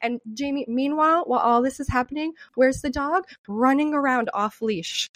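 A young woman co-hosting a podcast, telling a story with animated, profane energy and acting out what people said. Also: high-pitched, moderate pace, no echo. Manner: animated, profane, acts out quotes in raised voice. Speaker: podcast co-host. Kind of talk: storytelling chat.

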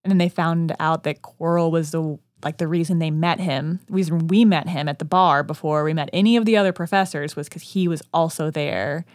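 A woman co-hosting a casual podcast, talking in quick chatty bursts full of "like". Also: low-pitched, steady tone, no echo, clean studio sound. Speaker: podcast co-host, first-time reader.

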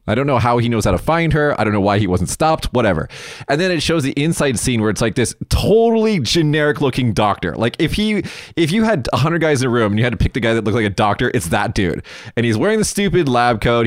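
A man from the United States rambles through a story in a casual chat. His voice swings widely in pitch, and he swears freely. The sound is close and dry. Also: dry recording. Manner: animated, profane, rambling.

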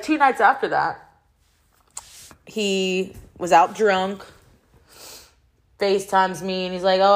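Young adult woman, frustrated and unfiltered, swearing freely in a candid personal vlog. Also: lowish voice. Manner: frank and heavily profane, rambling with restarts; frustrated and exasperated. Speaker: vlogger.

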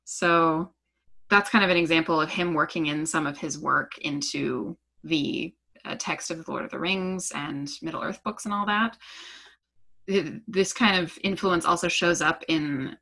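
A woman with a notably low voice that still rings bright and forward. She explains at length in a steady, lecturing manner, pausing now and then with an "um". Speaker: podcast co-host. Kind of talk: explanatory casual chat.

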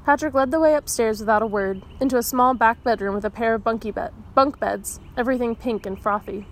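A woman reading a children's novel aloud, expressive, giving the dialogue its own voices. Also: fairly high pitch, brisk. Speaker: audiobook reader.

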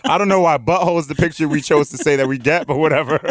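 A man co-hosting a podcast in casual banter, animated and profane, teasing his partner. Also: fairly high pitch, racing, dry recording, clean studio sound. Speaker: podcast co-host.

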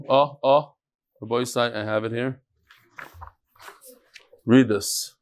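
A man teaching a Talmud class, asking and answering his own questions in an animated, rhetorical way. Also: mid-range voice, takes it slowly, long pauses.

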